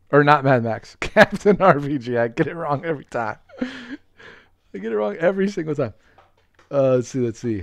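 A man streaming a game live, chatting with viewers, greeting them by name, laughing often and getting excited. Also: mid-range voice, no echo. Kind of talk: live gameplay commentary with viewers.

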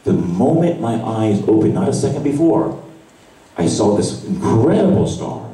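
A man, a priest, giving an emotional sermon that drops to a hush and rises to cries. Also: lowish voice, big pitch swings, moderate pace. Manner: emotional testimony, voice swinging from hushed to cries. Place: large church at a retreat Mass. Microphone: far camera recording. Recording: echoey church from far off.

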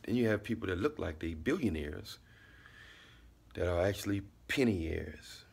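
Man, low husky voice, relaxed repetitive monologue. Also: normal speed. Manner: laid-back, repetitive, drops into quiet asides. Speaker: vlogger giving life commentary. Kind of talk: casual monologue.

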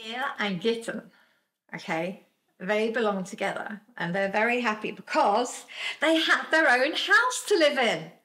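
A woman's voice: a little high, fairly bright tone, slight background noise. Gushing woman reviewing clothes. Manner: gushing, playful, talks straight to viewers. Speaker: fashion vlogger. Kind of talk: chatty clothing try-on review. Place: outdoors in a garden with a picnic.

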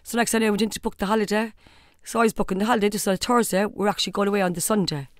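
A middle-aged Irish woman telling a family story on a podcast in a casual, animated way with blunt asides. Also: medium pitch, racing, dry recording, studio quality. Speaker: guest, the host's mother.

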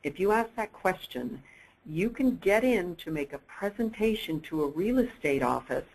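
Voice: mid-range voice, animated, normal speed, breathy edge, low-quality recording. A presenter giving an upbeat sales training webinar, coaching listeners directly and acting out bits of dialogue.

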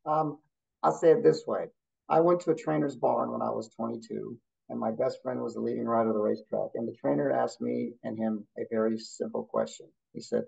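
Gravelly, husky man telling blunt stories. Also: medium pitch, steady tone, brisk, a little mellow, muffled recording. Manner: blunt, storytelling, competitive. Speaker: therapist guest. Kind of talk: casual interview chat.

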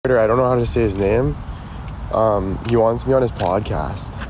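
Male streamer, low voice, rambling and profane, recorded on a phone outside with loud street noise. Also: normal speed, poor audio. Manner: profane, excitable, talks to chat. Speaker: livestreamer. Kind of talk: casual live stream chat. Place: outdoors near a road.

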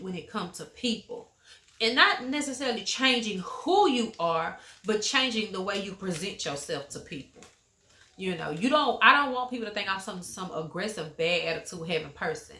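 A woman's voice: medium pitch, pushed and bright, echoey room. A middle-aged woman with a Southern US accent chatting frankly in a family vlog, lecturing like a mother. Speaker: vlogger, mother. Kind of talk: casual family vlog chat.

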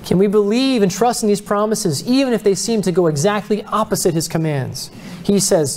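A man's voice: high voice, normal speed, darkish tone, a little hiss or hum. Earnest man preaching at Bible study. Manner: earnest, conversational preaching with acted-out quotes. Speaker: pastor. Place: church.

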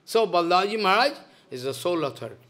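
A man's voice: high voice, animated, racing, bright, forceful tone. A man, a spiritual teacher giving a devotional lecture in a stern, scolding manner, repeating his points. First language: Bengali.

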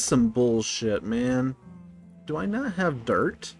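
A man's voice: mid-range voice, big pitch swings, takes it slowly, soft background music. A man giving casual gameplay commentary, profane and easily exasperated, grumbling at the game as he plays. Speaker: gaming YouTuber.

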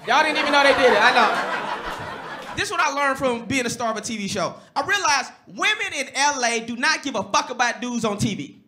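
A man in his thirties from Florida doing a stand-up set on a comedy club stage, brash and animated, jumping into loud profane bursts. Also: very high voice, fairly quick, a little hiss or hum. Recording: live comedy club recording. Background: audience laughter.

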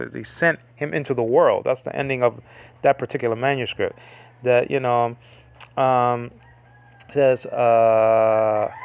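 A man's voice: mid-range voice, a bit bright, no room sound. A man giving an informal lesson on reading New Testament Greek, often restarting and repeating words to drill pronunciation. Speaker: Bible Greek teacher.

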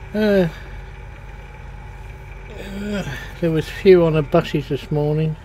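Older guy streaming a farm game, slow rambly chat, soft engine hum behind. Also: fairly high pitch. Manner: rambling, chatty, drifting between game and old stories. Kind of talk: casual chat while playing a farming game.

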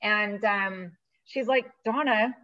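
A woman guest speaking as a financial advisor, telling a long story in a chatty, animated way with many fillers. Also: medium pitch, moderate pace, highs cut off. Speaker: guest, virtual CFO. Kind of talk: casual storytelling interview.

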